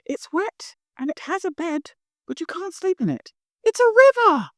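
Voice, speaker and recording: A man voicing excited little Christmas elves in a high squeaky falsetto, in an improvised bedtime story. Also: moderate pace, dry recording, studio quality, exaggerated voice.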